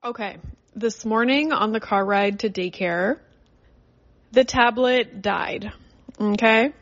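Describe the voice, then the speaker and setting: A woman's voice: a little high, slow, dull audio. A young adult woman from Canada hosting a podcast in a casual, chatty, rambling way with lots of fillers. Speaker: podcast host. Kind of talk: casual solo chat. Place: in a car.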